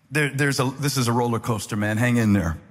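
A man preaching with a husky, slightly breathy voice that rings through a big echoing hall. He tells his stories with jokes and easy banter, then climbs into loud, emphatic preaching. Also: medium pitch, normal speed. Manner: animated, joking, rising to loud emphatic preaching. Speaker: pastor. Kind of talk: humorous storytelling sermon. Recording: echoey hall reverb.

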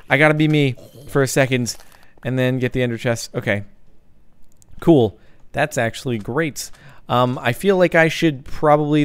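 A young man giving jokey, excitable let's-play commentary, breaking into yelps and sing-song chants. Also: mid-range voice, clean tone, no echo. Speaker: gaming YouTuber.

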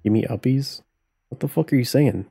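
A man's voice: mid-range voice, moderate pace, gravelly, mellow, breathy edge, soft background music. A young man live-streaming a life-sim game, cursing, joking and laughing as he reacts to what happens. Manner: profane, joking, laughs often. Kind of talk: casual live-stream commentary while playing.

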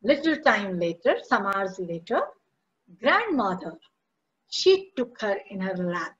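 Speaking slowly but with great animation, a woman teacher with an Indian English accent patiently explains each line of a school chapter to her online class. She moves back and forth between English and Hindi, her voice at a medium pitch, and the recording sounds lo-fi.

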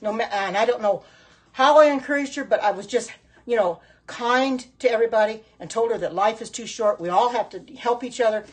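A middle-aged woman cooks and chats during a casual phone livestream in her home kitchen, often exclaiming and reacting aloud to what viewers comment. She speaks a little fast in a slightly high, somewhat rough voice.

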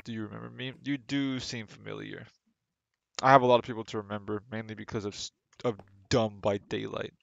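A young man live-streams gameplay at home, chatting loosely to himself and viewers and often beginning sentences again, into a desk microphone over game music. He speaks a little fast in a lowish, level voice with vocal fry and a slightly bright tone; the recording is dry with highs cut off.

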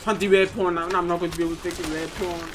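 A man hosting a gaming channel, giving excitable live gameplay commentary with frequent exclamations and repeated phrases. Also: high-pitched, very fast, background noise. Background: game music.

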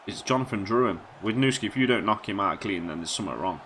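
A man giving casual gameplay commentary, cheering and shouting encouragement at the screen as he plays. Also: fairly low pitch, fast, hardly any pauses, a faint crowd, slight background noise. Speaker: gaming YouTuber.

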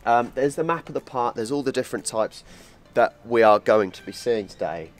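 An excitable man narrating his travel vlog outdoors, his voice set at an ordinary middle pitch. He chats and gushes in a loose, casual way, with faint music behind him. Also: brisk. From England. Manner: excitable, chatty, gushing. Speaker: travel vlogger. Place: outdoor wildlife park.

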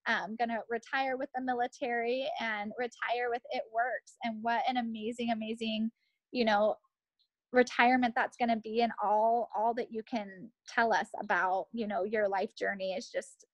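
A woman's voice: a little high, level tone, moderate pace, dry recording, highs cut off. A woman leading a team video call, gushing with effusive praise. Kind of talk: casual live video chat.

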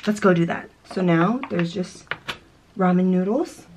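Talking unhurriedly in a fairly low, slightly mellow voice, a young adult vlogger eats spicy food in her dorm room for a casual mukbang. She swears, gasps and coughs from the heat, with slight background noise in the recording.

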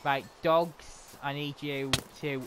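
A man giving excitable, chatty commentary while playing a game. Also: fairly high pitch, takes it slowly, a little hiss or hum. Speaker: gamer. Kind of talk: casual gameplay commentary.

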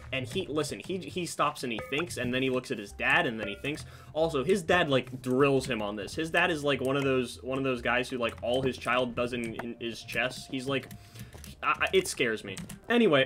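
Bright-voiced young man commentating a game. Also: mid-range voice, slight background noise. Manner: storytelling while playing, animated asides. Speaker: gaming commentator. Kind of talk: casual gameplay commentary.

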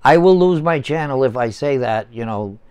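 Talking straight to camera, this channel host, a man in his sixties from the United States, launches into a profane, casual rant full of swearing, heated sarcasm and repeated words. He has a medium-pitched, smooth, darkish voice with lively intonation and a moderate pace. The recording is dry.

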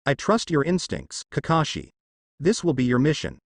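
A man voicing a calm, authoritative old male village leader who speaks formally. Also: fairly high pitch, moderate pace, creaky, dry recording, clean studio sound, heavily acted.

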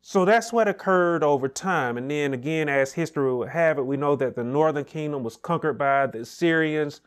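A man teaching a Sunday school Bible lesson, measured and repetitive, checking in with "right?" as he explains. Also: on the high side, clear, resonant tone. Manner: measured, repeats key points, asks "right?".

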